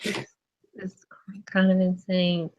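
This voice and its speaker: A woman's voice: on the low side, completely flat delivery, very slow. A woman from North Carolina hosting an online interview in casual chat, laughing often and rambling a little. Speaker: interview host.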